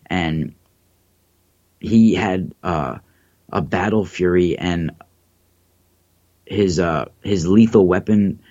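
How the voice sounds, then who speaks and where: A man's voice: deep voice, takes it slowly, long pauses, warm tone, no room sound, highs cut off. A man hosting a livestream, talking in a rambling, hesitant way with many fillers and restarts. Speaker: livestream host. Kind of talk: casual livestream monologue.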